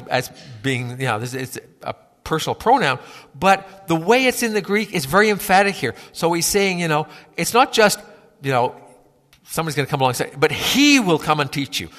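A man's voice: a little high, animated, a bit bright. Man, pastor, sermon, informal and stumbling, repeats words, echoing hall. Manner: conversational, halting with many repeated words.

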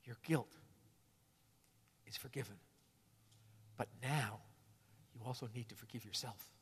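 A man voicing a gentle, comforting man who speaks softly and tenderly to frightened friends, heard with a long hall echo. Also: medium pitch, measured pace, slightly rough, voice pushed down. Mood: tender, reassuring. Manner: soft, hushed, tender.

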